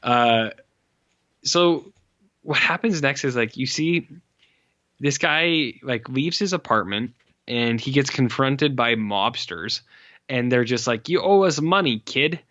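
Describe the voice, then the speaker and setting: On a dry, dull lo-fi podcast mic, a male co-host retells a horror movie's plot in a medium-pitched, sharp-toned voice, speaking slowly with long pauses. His casual telling rambles, leans heavily on "like," and acts out the characters' lines.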